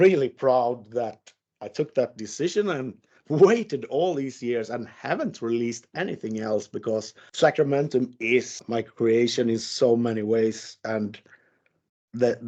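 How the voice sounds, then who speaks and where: Man, forties, rambling and swearing, muffled lo-fi sound, mid-pitched. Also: a little slow, warm tone. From Sweden. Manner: rambling, profane, stammers and restarts often. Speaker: interviewed musician. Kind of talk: casual storytelling interview. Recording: muffled lo-fi recording.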